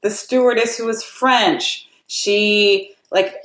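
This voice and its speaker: A woman's voice: steady tone, takes it slowly, a bit bright. An American woman telling a personal travel story in a chatty, casual way, with many "like"s and acted-out quotes. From United States. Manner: chatty, lots of "like", acts out quotes in a higher voice. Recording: roomy echo.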